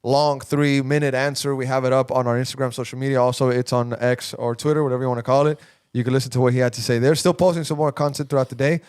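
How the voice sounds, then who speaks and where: A man's voice: mid-range voice, quick pace, clear, resonant tone, dry recording, clean studio sound. A man hosting a sports podcast in casual chat, breaking down plays and pushing back on bad takes. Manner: chatty, animated, argumentative. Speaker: podcast host.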